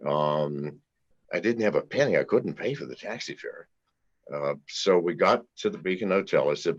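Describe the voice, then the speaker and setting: A man's voice: deep voice, normal speed, lo-fi sound. A man telling rambling, profane anecdotes with chuckles, as a guest in a casual interview. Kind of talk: storytelling in casual conversation.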